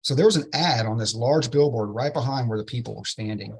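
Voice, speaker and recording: A man, an interview guest telling a story with excitement and many "right?" tag questions. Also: medium pitch, a little fast, creaky, slightly rough. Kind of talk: enthusiastic storytelling in a podcast interview.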